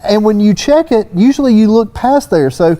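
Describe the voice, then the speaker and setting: A man's voice: sits high, expressive, moderate pace, mellow. A man with a Southern US accent talking on a technical panel in a folksy, rambling way full of "you know". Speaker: panel guest, surface-finishing expert. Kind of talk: casual technical panel talk. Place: trade expo stage.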